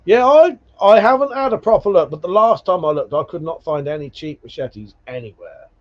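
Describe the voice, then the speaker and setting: A man's voice: high voice, expressive, a little fast. A man hosting a casual livestream, chatting with viewers and telling rambling stories full of swearing and laughs. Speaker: livestream host. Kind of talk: casual livestream chat reading viewer comments. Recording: dull lo-fi stream audio.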